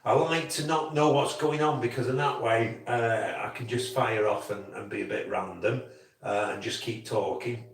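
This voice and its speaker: A man's voice: medium pitch, steady tone, normal speed, vocal fry. Male livestream host, a bit throaty, rambling chat with bursts of crooning, recorded in an echoey room from a distance. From England. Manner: rambling, breaks into humming and crooning. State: frog in his throat. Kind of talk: casual chat.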